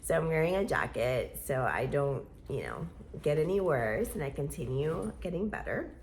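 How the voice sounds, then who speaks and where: Low-voiced, creaky, animated woman vlogger. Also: normal speed, a little hiss or hum. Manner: chatty, playful, laughs often. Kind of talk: casual rambling vlog chat.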